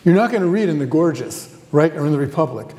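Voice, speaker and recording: A man's voice: a little high, lively intonation, quick pace, dark tone. Man lecturing in a reverberant hall. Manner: conversational, asks the audience questions. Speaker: guest lecturer, theology professor. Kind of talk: university lecture. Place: lecture hall with a live audience.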